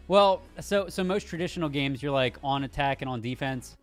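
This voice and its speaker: A man's voice: mid-range voice, normal speed, soft background music. A man co-hosting a casual gaming news show, rambling a bit with restarts as he reads out the news. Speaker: co-host.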